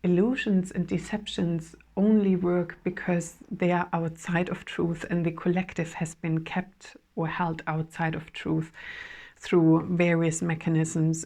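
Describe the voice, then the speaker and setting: A woman with a voice going hoarse, giving an earnest, flowing spiritual talk about channeled messages, with soft laughs and fillers. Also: on the low side, fairly even intonation, measured pace.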